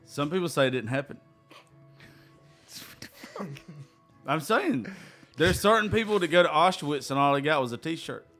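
Man, slightly high, bright tone, tipsy, joking, podcast co-host. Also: lively intonation, moderate pace, long pauses, soft background music. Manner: joking, irreverent. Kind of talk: casual podcast banter.

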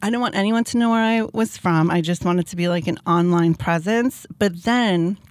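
Chatty New mom, dry sound. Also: female voice, lowish voice, normal speed, no room sound. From New Jersey. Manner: chatty, animated, acts out voices in her stories. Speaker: podcast guest, mom influencer. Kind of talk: casual interview chat.

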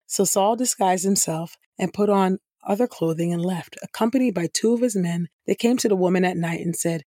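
A woman reading scripture aloud in a measured, even manner. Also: fairly low pitch, no echo, studio quality. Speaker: scripture reader.

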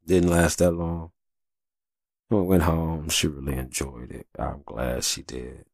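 Slow-ish and flat in delivery, this podcast host has a bass voice with a somewhat mellow quality, captured in a dry, studio-quality recording. He tells stories in a chatty, profane, loose monologue, frequently asking "you know what I'm saying."

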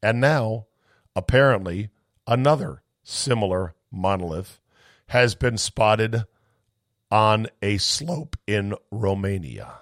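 A male podcast host delivering an incredulous, ranting monologue with loud outbursts and low asides, then chatting casually with a guest. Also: slow pace, no echo, clean studio sound. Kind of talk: animated monologue and casual chat.

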